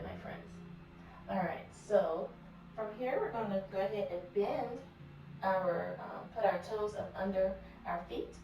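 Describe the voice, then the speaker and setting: A woman leading a kids yoga class, guiding poses gently and praising often. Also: medium pitch. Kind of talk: guided yoga class for children. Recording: echoey room from far off with faint noise.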